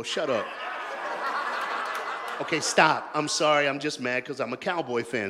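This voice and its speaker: A man preaching a sermon in a loose call-and-response style, joking in colloquial asides and swinging between shouted rallying lines and hushed, quiet talk. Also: medium pitch, fairly even intonation, moderate pace, long pauses, a loud crowd, heavy background noise. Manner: jokey, colloquial and emphatic. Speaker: pastor. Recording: long hall reverb.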